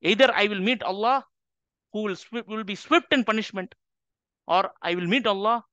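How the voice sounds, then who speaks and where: A man's voice: sits high, normal speed, pushed and bright, smooth, dry recording. A man teaching a Quran class to an audience, emphatic and full of rhetorical questions. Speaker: Islamic teacher. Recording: slightly dull lo-fi recording.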